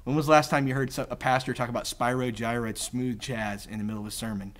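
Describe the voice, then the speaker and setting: A man's voice: medium pitch, steady tone, fast. A male pastor giving a casual, conversational sermon, joking at his own expense and acting out the people in the story. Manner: conversational, self-deprecating, voices quoted characters. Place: church.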